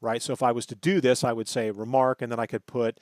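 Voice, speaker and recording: A man's voice: mid-range voice, flat delivery, fast, a little mellow, dry recording. A man teaching a networking class over a screen recording, thinking aloud, correcting himself and stressing key terms. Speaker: networking instructor.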